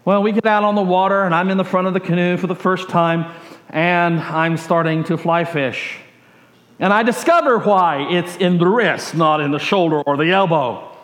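A male pastor preaching a sermon as a lively story, stringing his sentences together with "and" as the excitement builds. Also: high voice, normal speed. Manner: animated, builds excitement in long chains of "and". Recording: roomy echo.

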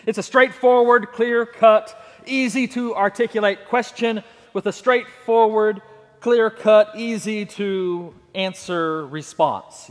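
A man preaching a sermon, animated and leading call-and-response with his congregation in a church. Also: high-pitched, slow. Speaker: pastor. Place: church sanctuary. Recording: long hall reverb.

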